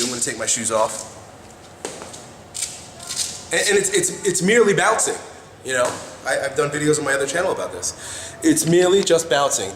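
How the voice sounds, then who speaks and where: Brash male self-help vlogger, mid-pitched, swears freely; roomy echo, light background hiss. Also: fairly bright tone. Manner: blunt, profane, keeps asking "right?". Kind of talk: casual coaching monologue. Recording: echoey room with faint noise.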